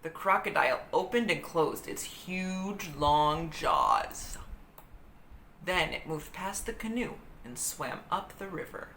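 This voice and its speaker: A woman reading a children's book aloud in an expressive, dramatic storytelling manner. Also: fairly low pitch, slow pace. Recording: roomy echo with faint hiss.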